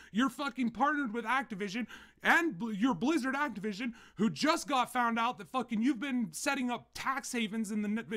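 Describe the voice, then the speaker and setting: A man's voice: sits high, a bit bright. A young man hosting a gaming channel, delivering a heated, profanity-laden rant with lots of repetition. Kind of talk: angry rant to camera.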